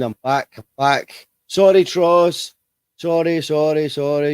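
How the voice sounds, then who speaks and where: A man's voice: fairly high pitch, fairly even intonation, a little slow, clear, resonant tone, no room sound. A man hosting a livestream interview, chatty and rambling, with frequent restarts. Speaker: host.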